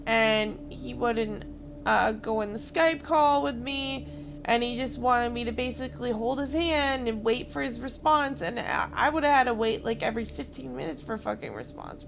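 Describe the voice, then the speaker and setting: A woman's voice: fairly high pitch, gravelly, background noise. A woman streamer venting to her chat in a heated, rambling way.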